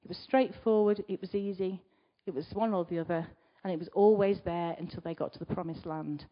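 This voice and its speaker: A woman giving a conversational sermon, asking the congregation rhetorical questions and moving between loud emphasis and quiet asides. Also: on the low side, fairly even intonation, brisk. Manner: chatty, asks the listeners rhetorical questions. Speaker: preacher. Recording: slightly dull recording.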